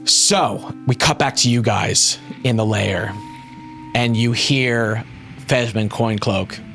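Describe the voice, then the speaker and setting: A man narrating a tabletop game as game master, in an animated, casual storytelling way with frequent fillers. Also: medium pitch, takes it slowly, gravelly, soft background music.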